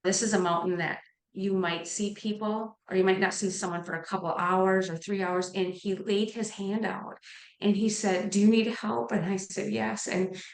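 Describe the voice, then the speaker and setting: A woman's voice: medium pitch, fairly even intonation, normal speed. Middle-aged woman nurse, heartfelt, gets emotional telling her story, roomy echo. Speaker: nurse and life coach, podcast guest. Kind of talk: emotional personal storytelling in an interview. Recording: echoey room.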